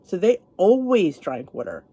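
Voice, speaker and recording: Chatty rambling woman with a lively voice. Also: on the low side, normal speed, slightly rough, lo-fi sound. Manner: chatty and rambling, with frequent asides. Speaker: vlogger. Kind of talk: casual chat. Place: home kitchen.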